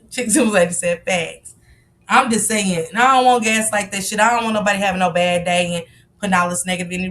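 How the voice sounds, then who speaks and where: A woman's voice: mid-range voice, a bit bright. A woman hosting a live stream in casual chat, speaking candidly and confessionally, swearing freely as she greets and answers her viewers. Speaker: livestream host.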